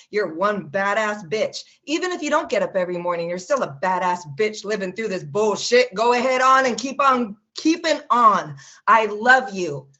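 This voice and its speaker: A woman performing spoken word poetry at an open mic over a video call, with a rapid-fire, rhythmic list delivery and sharp mocking jabs. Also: medium pitch. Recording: muffled lo-fi video call audio.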